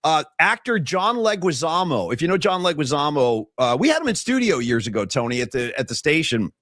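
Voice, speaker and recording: A man's voice: a little high, very animated, brisk, fairly bright tone, dry recording, studio quality. A man co-hosting a casual sports talk show, upbeat and joking, talking to viewers by name, a bit worn out after a big night. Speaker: podcast co-host. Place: small studio.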